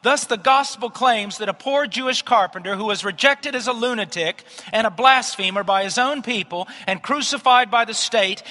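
A man's voice: very high voice, sharp tone. A man preaching a sermon, emphatic and declarative. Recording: long hall reverb.

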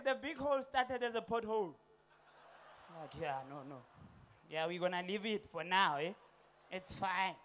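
South African stand-up, young man, very high pitch, animated delivery with slang and put-on voices. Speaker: stand-up comedian. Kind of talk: stand-up comedy set. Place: comedy stage before a live audience.

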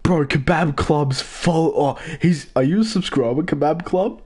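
A man's voice: a little high, unhurried, darkish tone, breathy edge. A young man streaming a football video game, chatting casually with crude swearing and joking banter. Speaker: gaming streamer. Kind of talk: casual gaming-stream chat.

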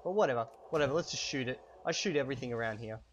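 A man's voice: medium pitch, muffled recording. Chatty male tutor over background noise. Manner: chatty, repeats each word slowly for learners. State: slightly hoarse from a cold. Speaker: language teacher. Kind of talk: casual tutorial while playing a game. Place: at home.

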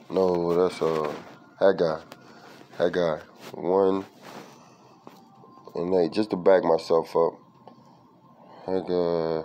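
A man gives an informal scripture study talk, reading verses and word definitions aloud in a profane, street-style manner and ending lines with "man." His voice is low and a little mellow, with the highs cut off and slight background noise.

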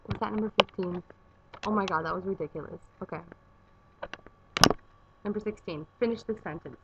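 Gravelly-voiced young woman vlogging casually. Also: mid-range voice, a little fast, lo-fi sound, heavy background noise. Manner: rambling, chatty, with filler words. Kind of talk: casual vlog chat. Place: home garage.

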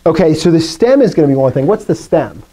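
A man's voice: a little high, very animated, fast talker, dark tone. A man teaching a classroom lesson, first reciting drills, then explaining with fillers and questions to the students.

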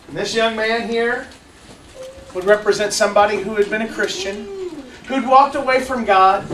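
A children's church teacher telling a Bible story to kids in a lively way and asking them questions. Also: medium pitch, slight background noise. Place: church classroom. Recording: echoey room, far from mic.

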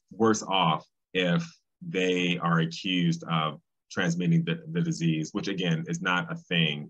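A man, speaking as a guest in an interview, thoughtful and pausing often with ums. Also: deep voice, fairly bright tone, husky. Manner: thoughtful, with frequent ums and restarts. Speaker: guest, civil rights state director. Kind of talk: casual interview conversation. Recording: slightly dull, lo-fi sound.

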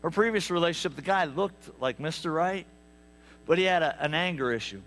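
Animated high-voiced preacher, man. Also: moderate pace. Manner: animated storytelling with asides to the congregation. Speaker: pastor. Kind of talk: sermon. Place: church sanctuary.

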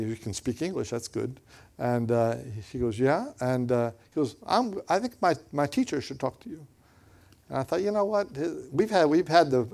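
A man preaching and telling a personal story in a lively way, often repeating words and acting out what others said. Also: mid-range voice, creaky. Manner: animated, repeats words, acts out quotes. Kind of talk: storytelling sermon.

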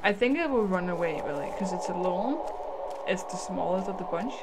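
Woman gamer doing casual let's play commentary, playful, goofy, with game audio clearly audible behind. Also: fairly low pitch, animated, moderate pace, very noisy. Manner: chatty, playful, goofy asides. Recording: game sounds loud behind voice. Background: game audio, dinosaur calls.

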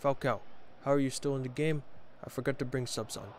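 A gaming video creator gives casual, joking commentary while playing a football video game, talking both to his viewers and to the on-screen players. His medium-pitched voice moves fairly quickly over a noisy background.

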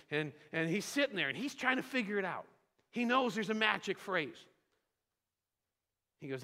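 Guest preacher, male, lively homespun storyteller, slightly high voice, long church reverb. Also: moderate pace, long pauses. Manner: storytelling with homespun humor, animated. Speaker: visiting pastor. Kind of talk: sermon. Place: church sanctuary.

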